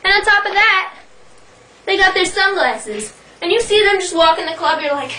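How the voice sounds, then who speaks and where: Brash high-voiced New York woman. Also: expressive, moderate pace, sharp tone, recorded from a distance, poor audio. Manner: brash, profane, mock-boastful with an exaggerated attitude. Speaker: vlogger. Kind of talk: parody tutorial vlog.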